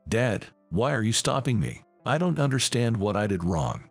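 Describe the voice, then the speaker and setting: A man's voice: on the low side, big pitch swings, normal speed, slightly rough, no echo, faint music behind, exaggerated voice. A man reading the part of an arrogant, hot-headed young son who rants indignantly, in a storybook reading. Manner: indignant, ranting.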